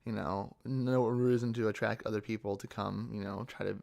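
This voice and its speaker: Creaky young man rambling through comments. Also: fairly low pitch, fairly even intonation, moderate pace, darkish tone. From central Pennsylvania, United States. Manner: rambling, many fillers and restarts. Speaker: ASMR channel host. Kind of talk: casual chat answering comments.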